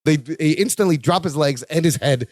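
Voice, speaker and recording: A man's voice: on the high side, moderate pace, no room sound, clean studio sound. A man co-hosting a podcast, retelling a sitcom episode in casual chat and acting out the characters' lines. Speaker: podcast co-host.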